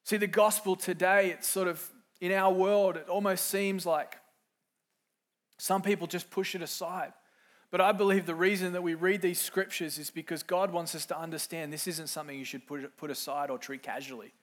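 A middle-aged man preaching a sermon, moving from quiet, reflective lines to loud, emphatic ones and acting out quoted voices. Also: high voice, steady tone, normal speed. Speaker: pastor.

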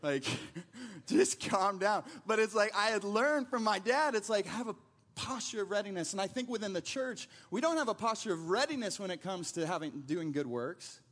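A man's voice: high-pitched, lively intonation, brisk, a bit bright. A man preaching a sermon as pastor, telling stories in a casual, conversational way with frequent restarts.

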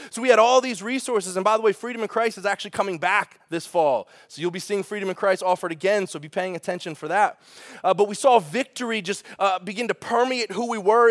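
A male pastor delivers a sermon in a high, bright register. He talks conversationally and with energy, turning aside to speak directly to the congregation.

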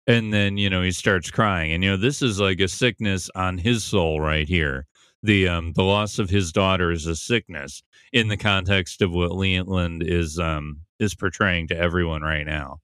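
A man's voice: sits low, normal speed, fairly bright tone, clear, resonant tone, no room sound, studio quality. A man hosting a podcast, casually recapping and analyzing a TV episode in a thoughtful, conversational way, thinking aloud as he goes. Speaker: podcast host.

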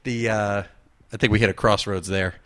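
A man hosting a podcast in casual chat, halting with fillers and restarts. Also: lowish voice, steady tone, a bit bright, dry recording. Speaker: podcast host.

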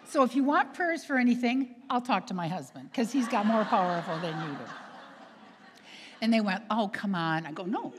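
Lively woman telling stories in a hall. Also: a little high, moderate pace, background noise. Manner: animated, acts out quoted voices, laughs often. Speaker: speaker at a retreat. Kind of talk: storytelling talk to an audience. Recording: long hall reverb.

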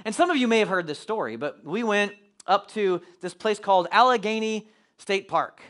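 A middle-aged pastor tells a family story during a sermon, animated and acting out the quotes. His male voice sits high.

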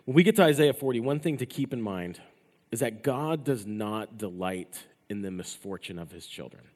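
A man's voice: expressive, normal speed. Man preaching in an echoing hall. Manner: swings from loud emphatic passages to hushed low phrase endings. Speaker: pastor. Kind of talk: sermon. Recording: long reverb of a large hall.

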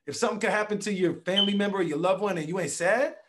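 A man's voice: sits high, rapid-fire. Blunt, profane man in casual talk. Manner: blunt, profane, animated storytelling with acted quotes. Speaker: podcast guest. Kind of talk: casual conversation.

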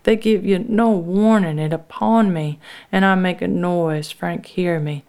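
A woman's voice: fairly low pitch, a little slow, darkish tone. A woman telling a dramatic first-person story in an earnest rural dialect.

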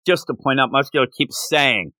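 A man co-hosting a casual podcast, recapping a manga chapter in an animated way and jumping up in pitch when he quotes characters. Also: moderate pace, dry recording, poor audio. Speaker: podcast co-host.

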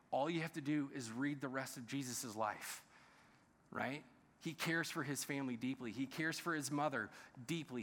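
A man's voice: fairly high pitch, fairly bright tone. A man preaching a sermon as pastor. He speaks emphatically and often asks the congregation rhetorical questions. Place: large church sanctuary. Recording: long reverb of a large church hall.

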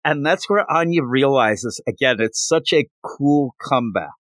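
A man's voice: mid-range voice, animated, unhurried, a bit bright, dry recording. Rambling man recapping comics, dry sound. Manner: enthusiastic, rambling retelling. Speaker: podcast host. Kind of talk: casual manga chapter recap.

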